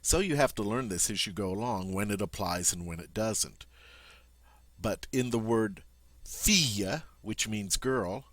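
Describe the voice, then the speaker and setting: A man's voice: fairly low pitch, no room sound. A man teaching a pronunciation lesson, patient and explanatory, demonstrating sounds and checking in with his listeners. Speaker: language teacher.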